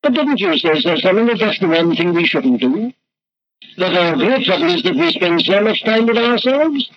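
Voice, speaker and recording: A man preaches a sermon emphatically and rhetorically, his high voice swelling and dropping with great animation at a moderate pace. It's a dull, lo-fi archival recording with faint noise.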